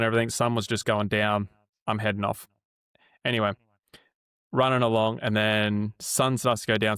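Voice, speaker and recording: A man's voice: lowish voice, clean tone, dry recording, studio quality. Laid-back Australian man telling a story. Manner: laid-back, swears freely, animated anecdotes. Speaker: podcast co-host. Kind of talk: casual storytelling chat.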